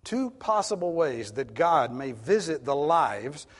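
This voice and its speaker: A man's voice: a little high, animated, takes it slowly, slightly rough. A man preaching an expository sermon as pastor, teaching in an earnest, emphatic way. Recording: long reverb of a hall.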